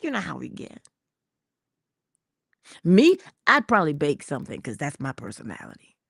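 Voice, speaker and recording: A woman's voice: low-pitched, huge pitch swings, normal speed, vocal fry, breathy edge, no echo, clean studio sound. A woman giving a motivational talk in a playful, theatrical manner. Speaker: inspirational speaker.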